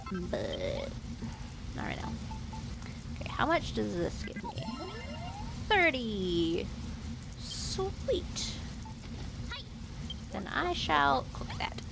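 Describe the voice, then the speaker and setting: A woman streamer giving casual gameplay commentary, thinking aloud in an unhurried, musing way. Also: fairly high pitch, wildly swooping pitch. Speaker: game streamer. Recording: clear background noise.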